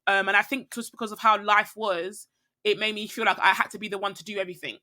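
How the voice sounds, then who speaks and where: A woman's voice: mid-range voice, steady tone, fast, bright, forceful tone. A woman chatting candidly as a podcast guest, rambling and reflective, with plenty of fillers and restarts. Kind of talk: casual conversation.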